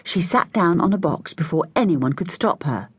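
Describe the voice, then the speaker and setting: A woman narrating a children's story, voicing each child with a higher, brighter pitch. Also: moderate pace, husky, no room sound, clean studio sound. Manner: lively, voices each child with raised pitch. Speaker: audiobook narrator.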